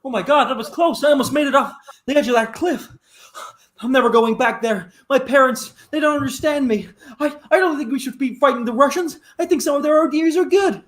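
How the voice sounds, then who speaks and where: A man voicing a rebellious thirteen-year-old boy fleeing on a motorcycle, rushed and whiny. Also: very high-pitched, a bit bright, voice pushed up. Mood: defiant. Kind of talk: improvised comedy.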